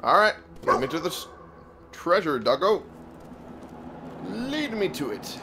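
A man's voice: high-pitched, big pitch swings, takes it slowly. Sleepy, swearing man commenting on gameplay. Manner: chatty, swears, grumbles at the game. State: sleepy, yawning. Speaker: let's play gamer. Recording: clear background noise.

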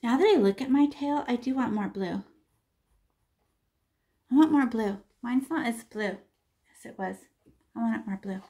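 High-voiced woman teaching a painting class. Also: moderate pace, long pauses, mellow. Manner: chatty, chants repeated words as she paints. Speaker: art teacher. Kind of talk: live painting class instruction.

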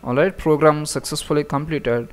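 A man's voice: on the high side, steady tone, moderate pace. A man giving a casual screen-recorded coding tutorial, talking through each step with frequent fillers and restarts. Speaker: programming tutor.

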